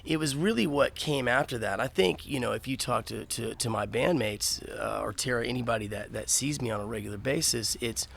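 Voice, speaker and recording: A man's voice: mid-range voice, a little fast, gravelly, hardly any pauses, fairly bright tone, slight background noise. A middle-aged man from the Texas panhandle, a podcast guest talking earnestly and emphatically, often restarting his sentences. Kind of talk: casual interview chat.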